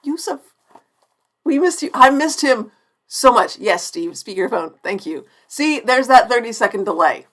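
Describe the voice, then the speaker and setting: A woman's voice: fairly high pitch, animated, normal speed, fairly bright tone. A woman around forty hosting a live-stream TV review, effusive and chatty, often restarting her sentences mid-thought.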